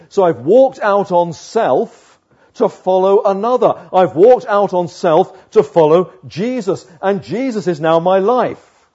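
A man preaching a sermon, slow and emphatic, with dramatic pauses between phrases. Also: sits high, expressive, mellow, slightly rough, highs cut off.

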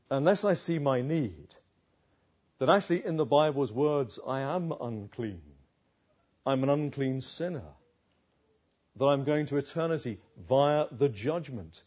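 A male preacher with a high, very animated voice and a husky edge delivers an emphatic sermon. He leans on rhetorical questions. The recording sounds slightly dull and lo-fi.

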